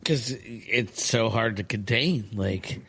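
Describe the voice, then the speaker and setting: A man's voice: fairly low pitch, slow, a bit bright, slight background noise. A man co-hosting a podcast, blunt and profane, chuckling as he talks. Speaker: podcast co-host. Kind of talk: casual podcast banter.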